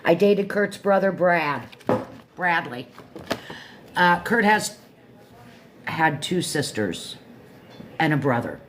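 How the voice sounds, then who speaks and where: A woman in her fifties with a low-set voice chats unhurriedly on her livestream. She wanders from one thought to the next and restarts her sentences often. A faint hum of noise sits behind her. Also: very animated, slow, long pauses. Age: 50s. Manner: meandering, self-interrupting, chatty asides. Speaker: livestream host reviewing a book. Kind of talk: casual rambling chat.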